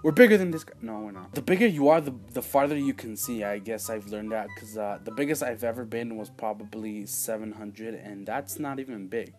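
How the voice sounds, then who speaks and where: A man giving casual let's-play commentary as a gaming channel host, rambling and excitable, with sudden loud outbursts and quiet asides. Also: lowish voice, normal speed, hardly any pauses, faint music behind.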